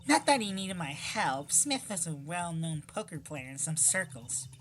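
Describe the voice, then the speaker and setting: A woman's voice: fairly low pitch, expressive, a little slow, a little hiss or hum. A woman voicing a scheming female card dealer in a put-on Russian accent while playing a visual novel. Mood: smug. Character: sly scheming female card dealer, cocky con artist.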